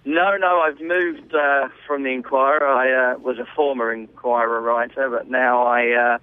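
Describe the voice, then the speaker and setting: A man's voice: medium pitch, fairly even intonation, normal speed, clean tone, dry recording. A man calling in to a show, speaking hesitantly with many fillers. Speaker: caller, tabloid writer. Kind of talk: phone call. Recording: tinny phone line.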